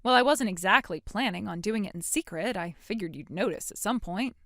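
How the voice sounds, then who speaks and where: A woman's voice: medium pitch, expressive, a little fast, fairly bright tone, no echo, studio quality. An actress voicing a blunt, sarcastic young woman standing up to her mother in a dramatic story. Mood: defiant. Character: defiant, sarcastic young woman cutting ties. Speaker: grown daughter in a voiced story.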